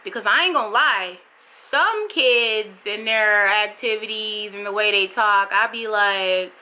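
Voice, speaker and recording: A woman's voice: measured pace, rough recording. A young adult woman vlogging candidly, talking with strong feeling and repeating herself for emphasis. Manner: impassioned, emphatic, repetitive for emphasis; bursts high and loud when mimicking others. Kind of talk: candid vlog monologue.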